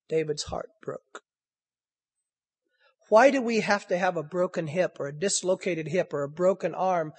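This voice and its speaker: A man's voice: sits high, a little mellow, slightly rough, big-room sound. A man preaching a sermon, pressing the room with impassioned rhetorical questions.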